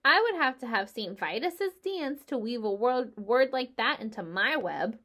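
A woman voicing a calm, clever female spider who leads a meeting, speaking in a crisp, dry and slightly stern way. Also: fairly high pitch, measured pace, pitched above the performer's own voice, heavily acted. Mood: brisk.

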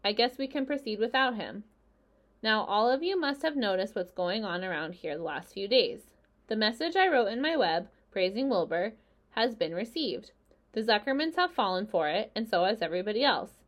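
A woman voicing a calm, clever female spider who leads a meeting, speaking in a crisp, dry and slightly stern way. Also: medium pitch, normal speed, lightly acted. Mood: brisk.

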